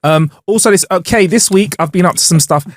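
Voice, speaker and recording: A man's voice: high voice, a little fast, no room sound. A young man co-hosting a podcast in a small studio, talking in a laid-back, slangy, upbeat way. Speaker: podcast co-host. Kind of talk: casual chat.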